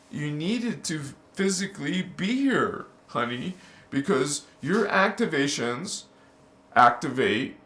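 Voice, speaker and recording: A man's voice: on the high side, fairly bright tone, echoey room. A man hosting a live spiritual teaching, exhorting listeners fervently with slang mixed in, then guiding a visualization. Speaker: spiritual channel host.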